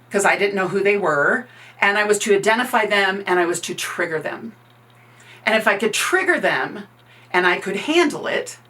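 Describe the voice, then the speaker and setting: A woman's voice: medium pitch, pushed and bright. Woman coach telling a workplace story. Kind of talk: storytelling talk.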